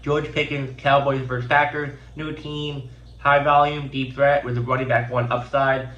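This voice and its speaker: A man's voice: medium pitch, little pitch movement, sharp tone, roomy sound, highs cut off, a little hiss or hum. Stuffy-voiced sick man, casual picks. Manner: casual, halting, many fillers. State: sick and congested. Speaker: host. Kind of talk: fantasy football picks rundown.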